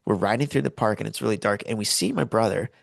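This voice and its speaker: A man's voice: lowish voice, fast talker, vocal fry, husky, dry recording. A middle-aged man co-hosting a podcast, telling a story in casual chat and acting out the voices of the people in it. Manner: animated storyteller, acts out voices in quotes. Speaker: podcast co-host.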